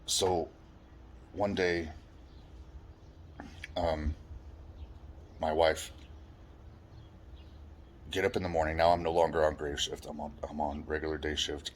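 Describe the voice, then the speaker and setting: Very deep flat male voice, blunt, swears a lot, faint birds behind. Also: normal speed, long pauses, slight background noise. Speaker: storyteller recounting his life. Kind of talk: personal life story monologue.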